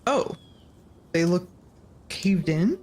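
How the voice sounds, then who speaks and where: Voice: medium pitch, expressive, drawn-out words, darkish tone. Tentative tabletop game player. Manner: tentative, questioning. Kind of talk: casual tabletop game play.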